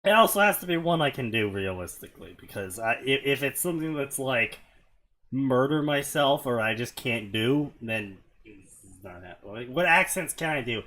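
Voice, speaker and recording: Rambling animated streamer man. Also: mid-range voice, normal speed. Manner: rambling, self-deprecating, animated. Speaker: streamer reading fanfiction. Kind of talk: casual late-night stream banter.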